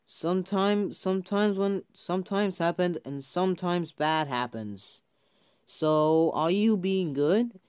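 A man's voice: high-pitched, takes it slowly, darkish tone, smooth, no room sound, clean studio sound. A man voicing a cautious, worried male engine in a homemade story, speaking fretfully and disapprovingly. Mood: kind.

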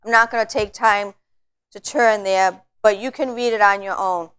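A middle-aged woman teaching a Bible study, earnest and exhorting, slowing down to read scripture aloud. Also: medium pitch, steady tone, a bit bright, smooth.

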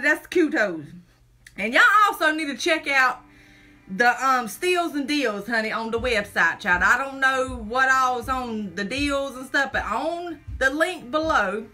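Woman, live-stream seller on a phone; high, sharp, folksy, keeps saying honey and child. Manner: chatty, folksy, says "honey" and "child" constantly; jittery, talks through nerves. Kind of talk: casual live-stream chat.

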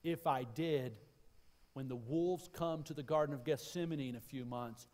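A man's voice: medium pitch, normal speed, darkish tone. A man giving a sermon as a pastor in a church, talking conversationally and repeating his phrases. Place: church auditorium. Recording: live church sermon with long reverb.

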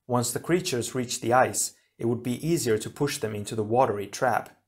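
Man, audiobook narrator, steady storytelling, mid-pitched voice. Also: normal speed. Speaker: audiobook reader.

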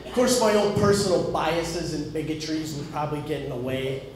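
A man's voice: fairly high pitch, fairly quick, distant mic, background noise. A man doing a stand-up comedy set, punchy storytelling with acted-out dialogue. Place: comedy club stage before an audience. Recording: very echoey live club recording.

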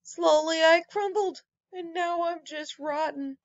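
A woman's voice: very high-pitched, slow, no echo, dull audio, voice pushed up, full character voice. A woman voicing a gloomy, forgotten old male fruitcake who speaks in a mournful, self-pitying way.

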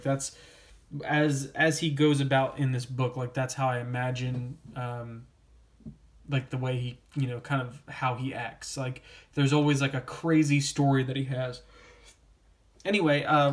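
A man giving a casual comic book review, rambling with many fillers and restarts. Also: mid-range voice.

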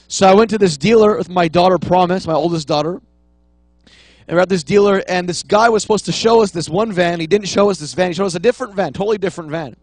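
A man's voice: high-pitched, fast, no echo. A man in his thirties preaching a sermon, telling a long anecdote with many restarts and fillers. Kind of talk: sermon storytelling.

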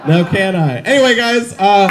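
A man's voice: high-pitched, animated, normal speed, background noise. A man in his twenties doing a stand-up set outdoors in the rain on a handheld mic, with wry, self-mocking punchlines. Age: 20s. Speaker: stand-up comedian. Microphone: handheld stage mic.

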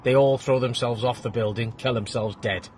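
A man's voice: mid-range voice, fairly even intonation, normal speed, darkish tone, a little hiss or hum. A man casually telling a joke in an offhand way, sitting in a parked car. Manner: offhand, laughs at his own punchlines. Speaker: joke teller.

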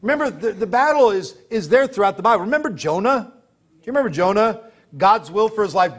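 A man's voice: sits high, lively intonation, fairly quick. A man preaching a sermon as pastor, emphatic and full of rhetorical questions, laughing as he tells stories.

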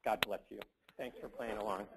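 A man's voice: lowish voice, steady tone, moderate pace, creaky, background noise. A man giving a casual, joking conference talk, rambling with lots of fillers and asides. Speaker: conference presenter.

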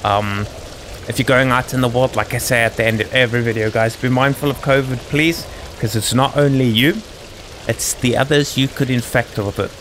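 A man's voice: medium pitch, fairly even intonation, normal speed, a bit bright, a little hiss or hum, rough recording. A man hosting a gaming channel, talking casually over gameplay in a rambling, chatty way. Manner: rambling, chatty, friendly asides.

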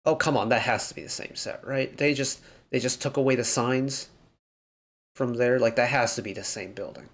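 A man reacting to a music video, picking apart the arrangement in a loose, thinking-aloud ramble. His voice sits at an ordinary middle pitch, and he talks casually with plenty of fillers as he works through his thoughts. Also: normal speed, fairly bright tone. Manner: analytical, rambling with many fillers. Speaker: K-pop reaction host.

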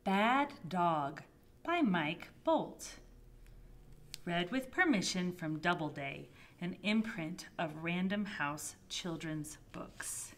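Slow, lively woman reading storytime. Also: fairly low pitch. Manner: animated and playful, with gasps of surprise and hushed asides. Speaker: children's librarian.

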